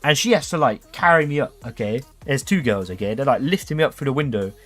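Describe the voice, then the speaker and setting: A man's voice: medium pitch, expressive, fast, fairly bright tone, soft background music. A man telling a cheeky story on a livestream, keeps checking in with "okay?". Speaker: streamer.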